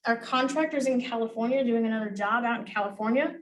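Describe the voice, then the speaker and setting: A woman with a slightly high voice runs a training class for agents. She talks bluntly, swears freely and acts out the lines she wants them to use. The mic picks her up from a distance. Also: fast talker. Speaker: real estate negotiation trainer.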